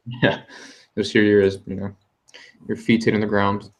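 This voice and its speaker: Guy running an online tabletop game, lowish voice, lots of uh and um. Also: flat delivery. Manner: halting, many "uh" and "um" fillers. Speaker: game master.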